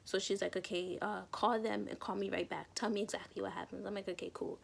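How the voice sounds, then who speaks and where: A woman's voice: medium pitch, quick pace, vocal fry, a little hiss or hum. A young woman casually telling a personal story to camera, acting out quotes of herself and others. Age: young adult. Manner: chatty, quotes herself and others in lively asides. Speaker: vlogger.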